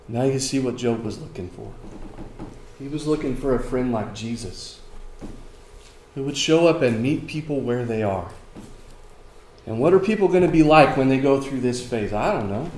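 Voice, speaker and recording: A man preaching a sermon, moving between emphatic lines and quiet ones and asking rhetorical questions. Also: mid-range voice, expressive, moderate pace, pauses often, slight background noise. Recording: echoey room with faint ambience.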